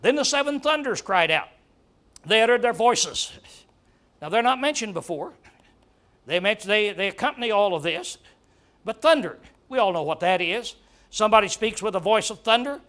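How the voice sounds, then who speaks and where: Earnest high-voiced male preacher. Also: animated, normal speed, fairly bright tone. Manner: earnest, emphatic, repeats words for stress. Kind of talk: sermon.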